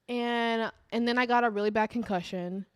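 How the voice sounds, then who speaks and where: A young woman, a podcast guest telling her story in an animated way and acting out the quotes. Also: a little high, normal speed, smooth. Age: young adult. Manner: animated, acts out quotes in voices.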